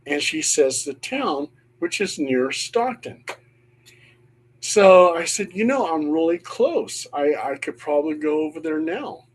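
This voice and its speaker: A man's voice: a little high, animated, measured pace, breathy edge. A middle-aged man, a paranormal investigator, telling a ghost story on a panel show and acting out the voices he quotes.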